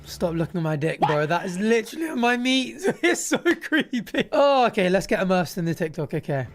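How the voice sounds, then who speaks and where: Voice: mid-range voice, very animated, fairly quick, slight background noise. A reaction video creator giving amused, gossipy commentary on clips.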